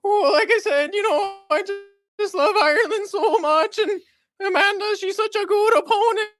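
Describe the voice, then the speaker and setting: A man's voice: very high voice, moderate pace, fairly bright tone, dry recording, faint music behind, voice pushed up. A man doing a tearful Irish woman boxer. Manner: on the verge of tears, rambling, repeats herself. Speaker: impression of a boxer.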